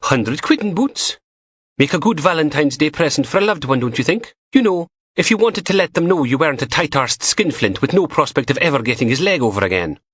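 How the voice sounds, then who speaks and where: A man's voice: on the high side, brisk, breathy edge, no room sound, pitched above the performer's own voice, heavily acted. A man voicing a teasing young forensic tech woman. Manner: dry deadpan teasing.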